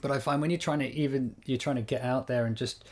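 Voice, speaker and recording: A man's voice: mid-range voice, fairly even intonation, darkish tone. A man co-hosting a casual podcast chat, rambling and restarting his sentences as he thinks aloud. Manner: rambling, halting, restarts phrases. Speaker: podcast co-host.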